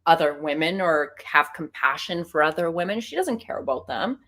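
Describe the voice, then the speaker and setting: A woman's voice: low-pitched, animated, normal speed, fairly bright tone. A woman guest on a live video call, a parent talking candidly and bluntly while she multitasks at home. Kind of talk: casual live-stream chat.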